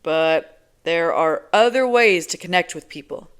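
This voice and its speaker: An easygoing young man who teases and presses his point, speaking up louder than the narration around him, as a woman narrator gives him her own low voice. He sounds amused and unhurried. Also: smooth, lightly acted. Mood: teasing. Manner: relaxed, teasing, emphatic. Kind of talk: audiobook character voice.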